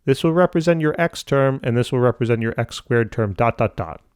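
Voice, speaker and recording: A man walks through a math problem step by step, relaxed and upbeat, dropping the odd playful aside. His voice sits at an everyday middle pitch. The recording is dry and close, with no room sound around it. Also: fairly quick, smooth, no room sound. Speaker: math tutor.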